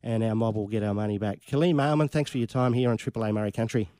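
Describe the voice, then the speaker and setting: An Australian man hosting a radio interview, speaking in a measured, supportive way with frequent ums. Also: fairly low pitch, dark tone, no room sound. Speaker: radio host. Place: radio studio.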